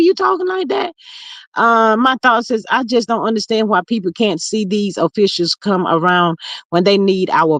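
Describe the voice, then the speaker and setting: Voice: medium pitch, no echo. A livestream host chats casually and gossips while reading viewer comments aloud. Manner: gossipy and chatty, full of fillers and drawn-out asides. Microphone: streaming mic close up.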